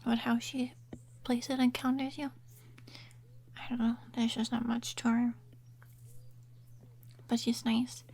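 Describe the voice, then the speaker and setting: Woman, soft-spoken ASMR chat, whispery, slow and unhurried delivery. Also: fairly high pitch, level tone, vocal fry. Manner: whispery and mumbly, with trailing restarts. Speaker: ASMR gaming creator. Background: quiet rain sounds.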